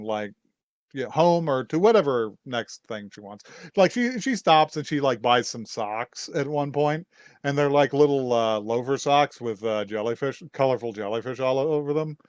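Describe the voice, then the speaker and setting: A man's voice: medium pitch, animated, normal speed, no room sound, clean studio sound. A man co-hosting a podcast, casually retelling a story in a loose, rambling way, swearing freely and often laughing. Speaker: podcast co-host. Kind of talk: casual recap chat.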